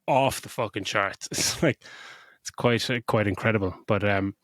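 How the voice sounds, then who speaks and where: This middle-aged man co-hosts a podcast, and his voice is fairly low and fairly bright, at a normal speed, recorded cleanly in a studio with no echo. Chatting casually, he gushes about a film, swears freely, stumbles through restarts, and grows emotional when retelling scenes.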